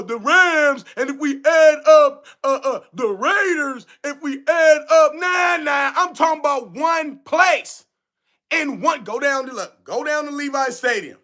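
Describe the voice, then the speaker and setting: Male streamer, loud taunting trash talker, bright forceful voice, repeats his points. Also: very high-pitched. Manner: loud, taunting, often shouting, repeats himself. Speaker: livestreamer. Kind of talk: live-stream fan trash talk.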